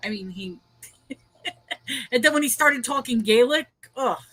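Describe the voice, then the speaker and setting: Woman, host, casual livestream chat, bright tone, rambling, laughs a lot. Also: a little high, animated, measured pace, dry recording. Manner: rambling, laughs often, reads viewer comments aloud.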